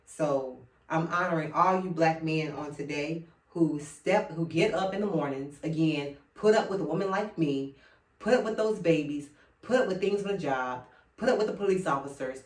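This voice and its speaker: A woman's voice: low voice, moderate pace. Earnest woman in her thirties, roomy and distant. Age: 30s. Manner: earnest, repeats key phrases, speaks directly to listeners. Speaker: speaker addressing men. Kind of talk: heartfelt personal monologue. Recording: roomy sound from a distant mic.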